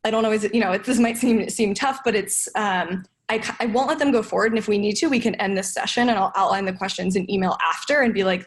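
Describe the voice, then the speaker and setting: A woman's voice: mid-range voice, fast, hardly any pauses. A young adult woman speaking as a podcast guest, explaining her ideas earnestly and thoughtfully, with frequent restarts. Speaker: podcast guest, sales development manager. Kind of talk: casual podcast conversation.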